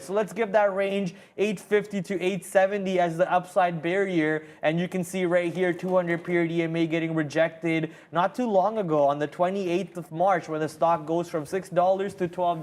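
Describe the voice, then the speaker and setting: A man with a fairly high voice hosts a live day-trading stream from a studio. He talks in an upbeat, playful and chatty way, walking through charts and reading the chat. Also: steady tone, normal speed, hardly any pauses, a little mellow. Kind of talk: live market commentary.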